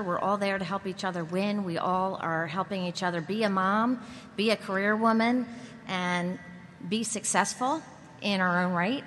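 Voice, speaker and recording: A woman's voice: medium pitch, fairly bright tone. A woman speaking on a panel in an earnest, heartfelt way. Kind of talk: panel discussion. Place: conference hall. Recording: reverberant hall, faint noise.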